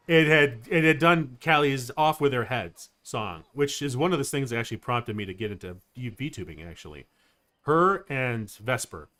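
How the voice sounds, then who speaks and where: A man chatting casually on a game livestream, rambling and excitable, with many fillers. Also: mid-range voice. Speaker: VTuber streamer. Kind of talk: casual livestream chat while gaming.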